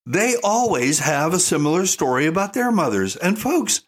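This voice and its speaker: Older guy lecturing about parenting, folksy and blunt, kinda high voice. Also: very animated, normal speed, husky. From United States. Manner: folksy, emphatic, addresses listeners as "folks". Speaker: parenting commentator. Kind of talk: opinionated monologue.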